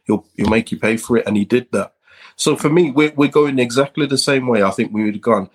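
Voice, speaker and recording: A man giving his view as a guest in a casual football chat, talking in a measured, reasoned way. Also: medium pitch, slightly rough, low-quality recording.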